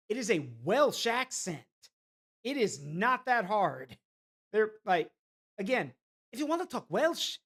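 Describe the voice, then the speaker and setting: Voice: mid-range voice, big pitch swings, measured pace, a bit bright. A streamer in casual gameplay commentary, rambling, chatty and opinionated. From United States.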